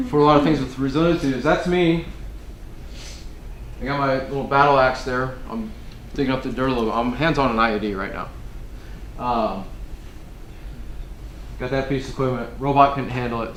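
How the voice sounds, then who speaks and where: A man's voice: mid-range voice, reverberant, slight background noise. Laid-back man telling war stories. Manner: laid-back, rambling, grows loud and laughing in funny stories. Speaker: military speaker giving a resiliency briefing. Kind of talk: casual storytelling talk to an audience. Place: room with an audience.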